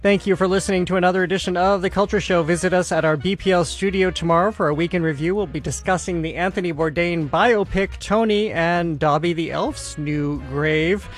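A man's voice: sits high, brisk, hardly any pauses, soft background music. A man hosting a radio arts show, interviewing a guest with friendly banter and laughter. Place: radio studio.

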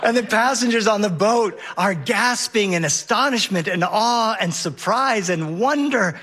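A middle-aged man telling a comic personal story on stage, vivid and lively, briefly putting on a high whiny voice for his son. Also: a little slow.

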